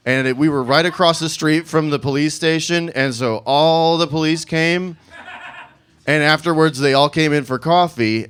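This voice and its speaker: A man's voice: a little high, unhurried, fairly bright tone, soft background music. A man in his thirties telling a comic personal story to a live audience, laughing through his lines as he mocks himself.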